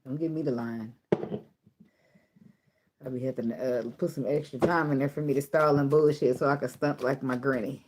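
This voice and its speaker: A woman's voice: very deep voice, steady tone, normal speed, long pauses, background noise. A woman giving a casual tarot reading, blunt and profane, often breaking into laughter. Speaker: tarot reader.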